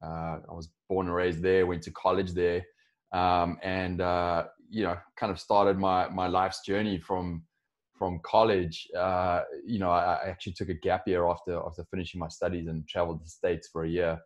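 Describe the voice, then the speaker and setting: A man's voice: sits low, flat delivery, normal speed, muffled recording. A man in his forties from South Africa with a South African accent, a podcast guest talking casually about his career with frequent restarts and fillers. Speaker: podcast guest, software co-founder. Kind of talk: casual interview.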